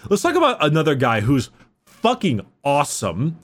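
A man talking through lore on a casual podcast, swearing freely and circling back to restart his sentences. His pitch swings widely as he goes. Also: wildly swooping pitch, normal speed. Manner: profane, rambling, lots of restarts. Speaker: podcast host explaining lore.

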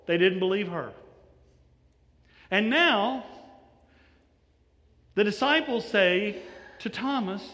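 A man preaching a sermon and acting out the quoted voices with dramatic swings between loud and soft. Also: sing-song, a little slow, pauses often, long reverb tail. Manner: dramatic, acts out the quoted voices with big swings of pitch and loudness. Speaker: pastor.

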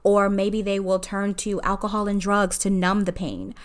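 A woman's voice: medium pitch, level tone, moderate pace. Earnest woman giving heartfelt advice. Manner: earnest, conversational, many "you know" fillers. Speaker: mother sharing advice. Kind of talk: reflective personal talk.

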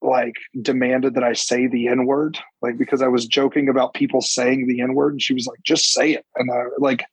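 A man's voice: mid-range voice, husky, no room sound, poor audio. A young man, a stand-up comedian telling stories in casual chat and acting out what people said. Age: young adult. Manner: animated, acts out quotes with quick bursts.

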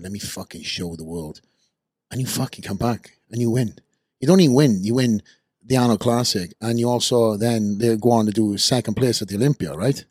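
Low husky podcast host, man. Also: darkish tone, dry recording. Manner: swearing, eager interjections. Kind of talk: casual interview.

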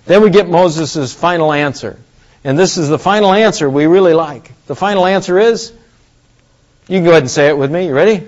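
A man's voice: high-pitched, normal speed, muffled recording. A man preaching a conversational sermon, asking the congregation questions and acting out the voices in a story. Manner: acts out voices of Moses and God. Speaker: pastor.

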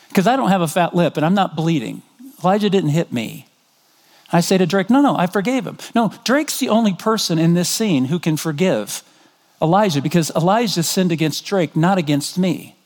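A man's voice: sits high, normal speed. A middle-aged man preaching a sermon as pastor, conversational, telling stories and quoting scripture. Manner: conversational, storytelling, animated when quoting.

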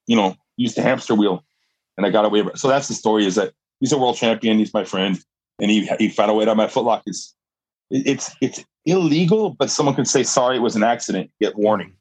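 A man's voice: lowish voice, darkish tone, breathy edge, no echo, low-quality recording. A middle-aged man, a guest on a podcast, telling a story with energy, laughing often and restarting his sentences. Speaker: guest, jiu-jitsu fighter and coach.

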